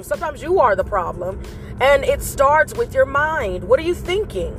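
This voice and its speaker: With a voice that sits high, a woman gives an earnest, faith-based pep talk on her motivational vlog. She repeats her points to encourage the people listening.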